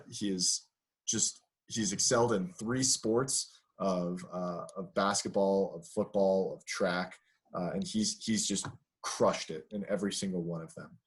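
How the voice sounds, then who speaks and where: Young guy podcast host, kinda husky, lots of uh's, lowish voice. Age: young adult. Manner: hesitant, many fillers. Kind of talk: casual podcast chat.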